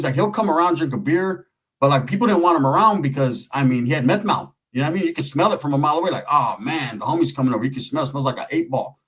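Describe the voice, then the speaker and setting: A man's voice: on the high side, a bit bright, husky, poor audio. A middle-aged man from California telling prison and neighborhood stories in casual, profane street slang. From Merced area, California. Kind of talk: casual storytelling.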